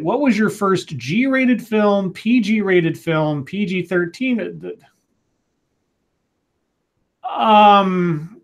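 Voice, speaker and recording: A man in his forties co-hosting a casual livestream, reading viewer comments aloud with halting, stammering restarts. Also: sits high. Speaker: co-host.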